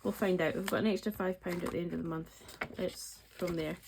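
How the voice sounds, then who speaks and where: Scottish lady in her 40s rambling about her budget, bit gravelly, faint hiss behind. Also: on the low side, steady tone, brisk. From Scottish Highlands. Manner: rambling, many ums, counting money aloud. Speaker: budgeting vlogger. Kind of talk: casual chatty voice-over while cash stuffing.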